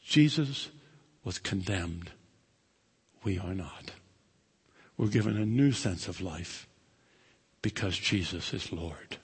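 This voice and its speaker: A male pastor preaching a sermon and telling a story dramatically, swinging between loud and hushed. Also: deep voice, animated, slow pace, pauses often, husky. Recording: long reverb of a large hall.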